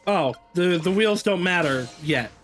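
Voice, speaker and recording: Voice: medium pitch, expressive, measured pace, fairly bright tone, soft background music. A streamer giving playful, joking commentary during a live game playthrough.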